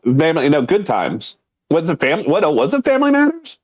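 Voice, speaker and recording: A man's voice: on the high side, wildly swooping pitch, brisk, a crowd in the background. A young adult man co-hosting a podcast, swearing freely and laughing through crude banter. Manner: crude, profane, laughing, jumping into voices. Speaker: podcast co-host.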